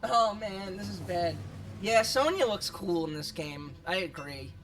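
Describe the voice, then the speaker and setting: Soft music sits under this streamer's measured, slightly bright mid-range voice. Casually narrating a game, they wander from topic to topic, swear often, laugh frequently, and fret a bit about how they sound.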